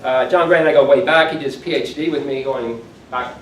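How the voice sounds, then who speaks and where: Delivering a conference keynote, a man in his sixties speaks briskly in a mid-range voice with fairly even intonation, chatting conversationally and poking fun at himself. The distant recording picks up an echoey hall, faint ambience, and background noise.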